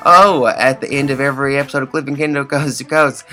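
Bright, playful comedy co-host man. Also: medium pitch, fairly even intonation, fast talker, soft background music. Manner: playful, theatrical, self-mocking. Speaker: podcast co-host. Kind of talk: comedic banter.

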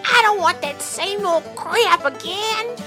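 A squeaky, very high little boy, whining slowly and drawing out his words in a mock cereal commercial. Children's jingle music plays behind him. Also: animated, heavily acted. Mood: whiny. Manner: whiny and complaining, then gleeful. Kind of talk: comedy radio-ad skit.

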